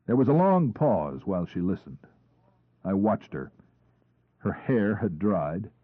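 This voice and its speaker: A man reading a crime audiobook in the first person, in a measured storytelling delivery. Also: lowish voice, very animated, dry recording. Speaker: audiobook narrator. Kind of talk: first-person scripted narration. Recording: tinny phone-like, husky, dry.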